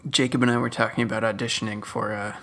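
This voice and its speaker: A man co-hosts a podcast in easy chat with a gravelly edge and a bright, forceful tone. He eggs his friends on in an upbeat way. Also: lowish voice, flat delivery, fast talker. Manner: upbeat, egging others on. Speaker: podcast co-host. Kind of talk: casual chat.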